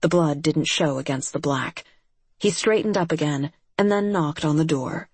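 An audiobook narrator reading a first-person story in a measured, steady way. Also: medium pitch, breathy edge, no echo.

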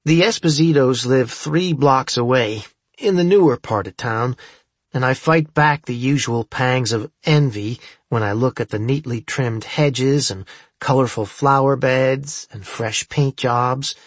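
Husky man narrating an audiobook. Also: mid-range voice, measured pace, no room sound. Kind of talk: first-person scripted narration.

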